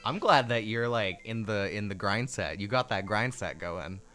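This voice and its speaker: A man's voice: lowish voice, animated, pushed and bright, faint music behind. A man chatting casually and teasing his co-host while they stream a video game together. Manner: joking, teasing, quick asides. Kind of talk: casual gaming chat.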